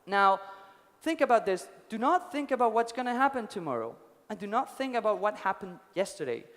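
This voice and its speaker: Young male conference speaker, casual storyteller, high pitch, reverberant hall. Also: very animated, fairly quick, a bit bright. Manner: casual, swears, tells parables with acted quotes. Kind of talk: storytelling talk. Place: conference stage.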